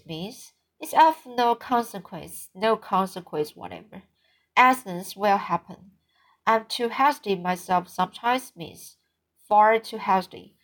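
A woman's voice: medium pitch, lightly acted, low-quality recording. Woman reading as a blunt old farmer. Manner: blunt, brisk, plain-spoken. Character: outspoken, hasty older male farmer.

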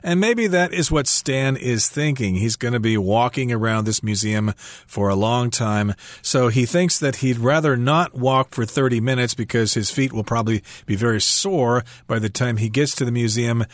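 A man of ordinary pitch talks through an English lesson dialogue at an even, friendly pace. The voice sits close to the mic in a dry studio. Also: moderate pace, no room sound. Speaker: English teacher co-host. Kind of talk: radio English lesson explanation.

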